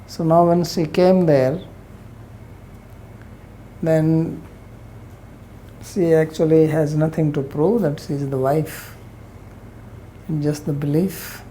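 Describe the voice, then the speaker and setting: A woman's voice: sits low, steady tone, slow pace, pauses often, warm tone, slight background noise, rough recording. A woman teaching a scripture lecture, retelling the story in plain words and quoting its characters.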